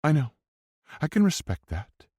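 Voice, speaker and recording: A man voicing an eager, affectionate young woman with a soft, lifted questioning tone. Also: a little high, big pitch swings, unhurried, husky, no room sound, clean studio sound, voice pushed up, exaggerated voice. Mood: tender.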